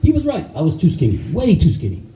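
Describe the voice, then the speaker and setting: A middle-aged man with a very dark, mellow voice tells lively stories to a crowd. He laughs often and acts out the people in his stories. The sound is echoey and a little distant from the mic, with faint noise behind him. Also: a little high, quick pace. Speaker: karate instructor telling stories at a camp. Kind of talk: storytelling to a live audience. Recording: echoey room, voice far from mic.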